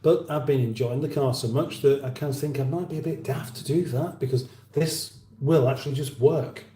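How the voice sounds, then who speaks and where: A man's voice: medium pitch, fairly even intonation, normal speed, dark tone. A man hosting a casual livestream chat, rambling with dry humour as he reads viewer comments. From England. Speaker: livestream host. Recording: roomy echo.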